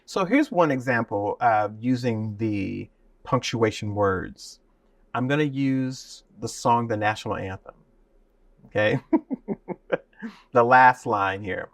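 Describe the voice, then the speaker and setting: A man's voice: medium pitch, slow pace, no echo, recorded from a distance. Man, voice and speaking teacher, demonstrative, sings examples, dry sound, a bit off mic. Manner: demonstrative, shifts into singing to illustrate. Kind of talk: explaining with sung and spoken examples.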